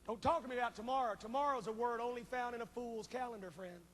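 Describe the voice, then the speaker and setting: A man's voice: very high voice, fast, big-room sound. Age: adult. Sex: man. Style: fiery revival sermon. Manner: impassioned, swings from shouting to hushed pleading. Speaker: revival preacher. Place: large church auditorium.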